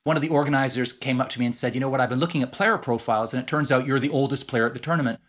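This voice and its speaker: A man's voice: mid-range voice, rapid-fire. Canadian guy, middle-aged, chatty author guest, laughs a lot while telling stories. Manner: animated storyteller, laughs often. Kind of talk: podcast interview.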